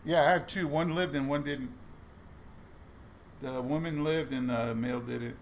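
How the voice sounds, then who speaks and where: An unhurried man with a mid-range voice chats about this and that while working through coin boxes for his coin roll hunting vlog. His storytelling is casual and keeps restarting, and a little hiss or hum can be heard.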